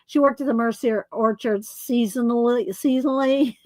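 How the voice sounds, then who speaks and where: A woman's voice: fairly high pitch, steady tone, moderate pace, darkish tone, no echo. A woman chatting casually on a livestream, short of breath and exclaiming as she reads viewer comments. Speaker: livestream host.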